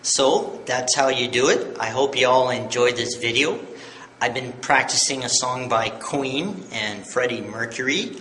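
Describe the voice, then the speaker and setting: A man's voice: medium pitch, measured pace, a bit bright. A man giving a patient, upbeat yodeling tutorial, explaining each step plainly. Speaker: yodeling teacher. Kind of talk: tutorial video. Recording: echoey room with faint noise.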